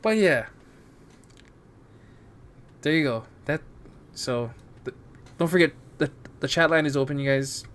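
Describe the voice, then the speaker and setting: A man's voice: fairly high pitch, unhurried, pauses often, a bit bright. A man hosting a casual gaming podcast, stammering and repeating words. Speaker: podcast host. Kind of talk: casual chat.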